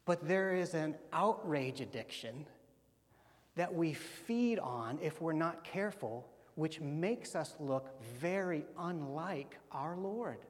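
A male pastor preaching a sermon, dropping to hushed slow emphasis and rising to loud, animated bursts. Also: on the high side. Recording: long hall reverb.

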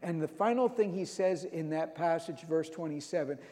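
A man's voice: on the high side, moderate pace, dark tone, big-room sound. A man preaching a sermon, retelling scripture stories with emphasis and reading verses aloud.

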